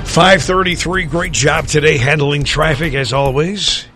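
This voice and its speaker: A man's voice: fairly high pitch, a little slow, pushed and bright, soft background music. Rambling, jokey male radio host. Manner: rambling, jokey, self-interrupting. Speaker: radio morning show host. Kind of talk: casual radio banter and weather.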